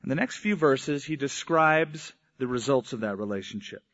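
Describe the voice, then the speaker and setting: A male pastor giving a conversational sermon, with slow, emphatic phrasing. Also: mid-range voice, expressive, a bit bright. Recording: echoey hall, dull lo-fi sound.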